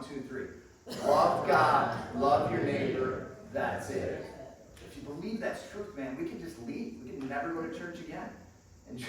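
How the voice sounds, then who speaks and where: A male guest preacher gives a sermon in a church sanctuary, enthusiastic and chatty, calling the congregation friends and laughing often. His voice is medium-pitched, and the recording, picked up from a distance in an echoey room, carries a little hiss or hum.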